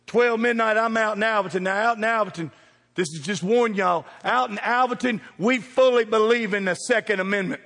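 A pastor tells a funny story from the pulpit, his voice pitched high for a man. He drops into quiet asides and then bursts out loud, playing to the congregation. His words ring out with a long reverb through a large church sanctuary. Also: a little fast. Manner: animated, jokey, jumps from hushed asides to loud calls. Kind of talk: humorous storytelling sermon.

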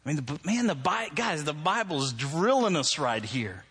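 Husky-voiced man in his forties preaching. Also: on the high side, big pitch swings, normal speed. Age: 40s. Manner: storytelling, acts out his own anger in loud bursts. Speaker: pastor. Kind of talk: sermon. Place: church.

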